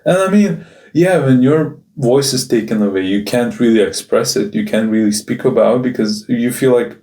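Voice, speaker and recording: A man's voice: medium pitch, normal speed, darkish tone. A man speaking in a confessional video diary, raw and emotional, swearing often and restarting his sentences. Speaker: video journal host. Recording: roomy echo, mic at a distance.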